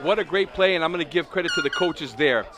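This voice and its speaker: A man giving color commentary on a high school football game in a relaxed, agreeable way, breaking down plays. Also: quick pace, over loud music. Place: outdoor stadium with crowd.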